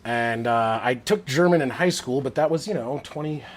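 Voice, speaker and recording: A man's voice: mid-range voice, normal speed. A man around forty, chatting casually and rambling as the host of a live football stream, talking into a Bluetooth headset. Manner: chatty, rambling, many fillers.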